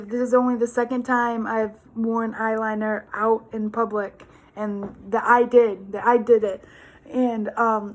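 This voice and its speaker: A young woman talking to her camera in a casual, rambling vlog with lots of fillers. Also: a little high. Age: young adult. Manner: rambling, chatty, frequent fillers. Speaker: vlogger.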